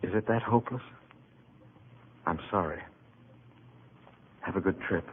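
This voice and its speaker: Hesitant young doctor, stammers, 1940s radio play, lo-fi with faint hiss. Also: male voice, low-pitched, measured pace. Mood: bashful. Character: shy, stammering young country doctor, a man. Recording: tinny old radio broadcast with faint hiss.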